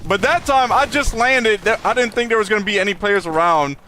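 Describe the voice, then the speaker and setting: Young male streamer, casual and talkative, reads chat and laughs a lot; light, high voice. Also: fairly quick, bright, forceful tone, a little hiss or hum. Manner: chatty, reads chat aloud, laughs often. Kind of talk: live gameplay commentary.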